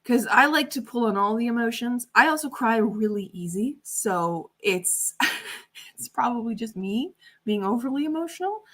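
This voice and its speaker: A young woman hosting a casual livestream, talking in a loose, chatty way and giggling often. Her voice has a bright, forward edge. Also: on the high side, expressive, moderate pace. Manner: chatty and giggly, lots of fillers. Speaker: livestream host and author. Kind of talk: casual chat on a writing livestream.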